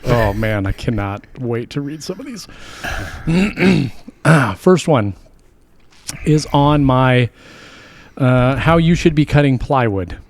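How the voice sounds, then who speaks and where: A man's voice: medium pitch, lively intonation, takes it slowly. A man co-hosting a casual podcast, upbeat and chatty as he runs through a giveaway and listener comments. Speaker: podcast co-host.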